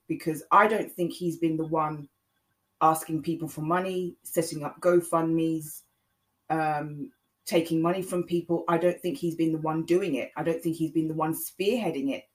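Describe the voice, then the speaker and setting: A woman's voice: low-pitched, normal speed, poor audio. A woman hosting a podcast, talking casually and earnestly, repeating her points and pleading with her listeners. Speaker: podcast host. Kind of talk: casual opinion monologue.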